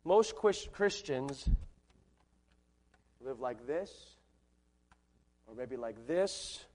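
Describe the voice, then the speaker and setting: A man preaching a sermon in a large church, emphatic, repeating his phrases and swinging between loud and soft delivery. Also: medium pitch, animated, very slow. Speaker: pastor.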